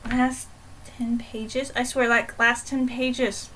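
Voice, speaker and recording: A woman's voice: on the high side, slow pace, a little hiss or hum, rough recording. Chatty young woman reviewing a book. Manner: animated, chatty, rambling with many fillers. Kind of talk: casual book review vlog.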